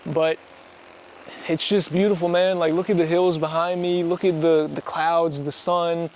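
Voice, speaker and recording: A man's voice: on the high side, level tone, unhurried, a little mellow, a little hiss or hum. A young American man talking casually to the camera on a solo travel vlog, chatty and enthusiastic about what he sees around him outdoors. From United States. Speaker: travel vlogger. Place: outdoors on a sunny hillside.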